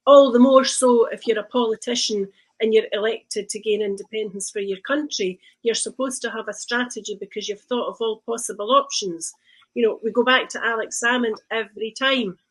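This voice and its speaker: An assertive woman argues her case on a discussion panel. Her voice sits a little high, and she lays out her reasoning firmly. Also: rough recording. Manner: assertive, argumentative. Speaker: panel guest. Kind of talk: political discussion.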